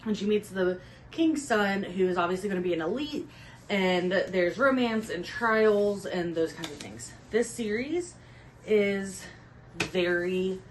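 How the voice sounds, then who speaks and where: A woman's voice: medium pitch, lively intonation, measured pace, a little hiss or hum, poor audio. A young woman hosting a casual book chat at home, upbeat and a little out of breath after the gym. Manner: chatty and upbeat. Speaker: booktube host.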